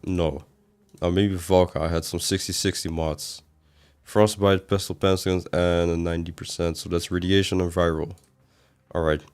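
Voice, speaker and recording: A man with a fairly low voice talks through a game livestream. He reads his chat aloud and answers it, rambling casually between sudden exasperated outbursts. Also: level tone, normal speed, clear, resonant tone. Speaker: game streamer.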